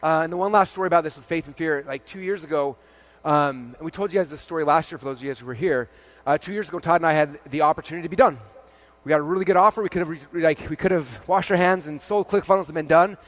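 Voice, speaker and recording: A man in his forties giving an energetic keynote talk on a conference stage, acting out dialogue in quick quotes and peppering his speech with "like.". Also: fairly high pitch. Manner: animated, acts out dialogue in quick quotes, frequent "like". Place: large event stage before a live audience.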